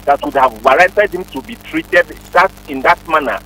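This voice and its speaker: A man's voice: fairly high pitch, lively intonation, normal speed, bright, forceful tone, faint music behind, poor audio. A man with a Nigerian accent calling in to a radio talk show, speaking emphatically and repeating his points. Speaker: caller.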